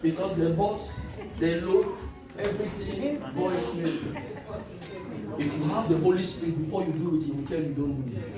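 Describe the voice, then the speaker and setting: A man, preaching a sermon with call-and-response and sudden shouts. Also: a little high, normal speed. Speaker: pastor. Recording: echoey hall, distant mic, music behind.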